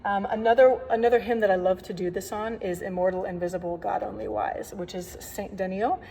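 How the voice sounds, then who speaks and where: A woman's voice: mid-range voice, steady tone, a little fast, vocal fry, a little mellow. A woman organist giving a recorded workshop lesson on hymn playing, explaining in a friendly, chatty way with playful asides. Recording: long reverb, faint background noise.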